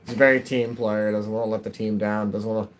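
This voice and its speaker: A man's voice: fairly low pitch, flat delivery, quick pace. A middle-aged man chatting casually while streaming a game at home, rambling and restarting, his nose a little stuffy. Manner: rambling, self-interrupting, chatty. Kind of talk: casual chat while gaming.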